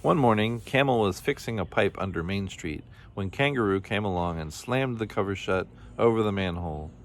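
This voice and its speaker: A man with a somewhat low voice reads a children's story aloud, gentle and expressive. A faint hiss runs under the recording. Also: normal speed. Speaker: children's book reader.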